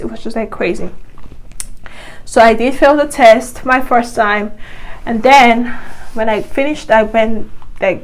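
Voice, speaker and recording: A woman's voice: on the high side, poor audio. Chatty young woman telling a storytime. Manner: chatty, exasperated retelling with many fillers. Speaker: vlogger. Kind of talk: casual storytime.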